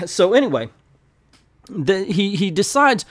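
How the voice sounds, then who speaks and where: A man giving an opinionated, animated casual review of comic books, talking with his hands. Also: on the high side, moderate pace, no room sound, studio quality. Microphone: close desk mic.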